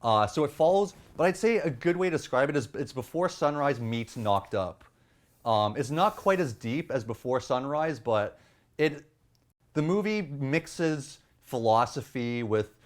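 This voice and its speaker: A man's voice: medium pitch, animated, unhurried. A man co-hosting a casual movie review chat, teasing his partner and recommending films with enthusiasm.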